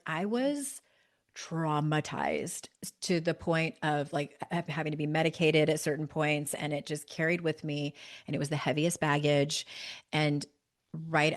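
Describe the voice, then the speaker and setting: A woman in her fifties hosting a podcast, chatting casually and animatedly, often laughing and speeding up in bursts. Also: low voice. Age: 50s. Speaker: podcast host. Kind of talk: casual conversational interview.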